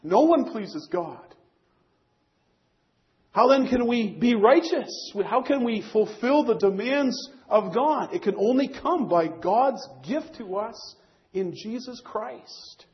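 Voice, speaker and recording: High-pitched guy preaching a sermon, earnest, repeats himself a lot, muffled lo-fi recording. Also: animated, slow pace. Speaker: pastor.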